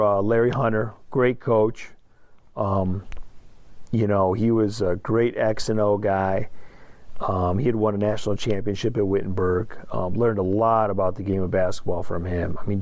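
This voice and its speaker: A man's voice: on the low side, darkish tone, no echo, highs cut off. A middle-aged man from Ohio, a basketball coach, telling his story in a casual interview with many fillers and restarts. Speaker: high school basketball coach, guest.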